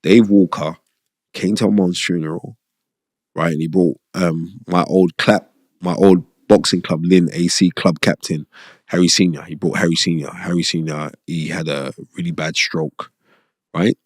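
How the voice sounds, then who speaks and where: This middle-aged podcast host tells boxing stories from his past conversationally and with animated emphasis, repeating phrases and frequently asking "you know what I mean." He has a low voice at normal speed, recorded with no echo.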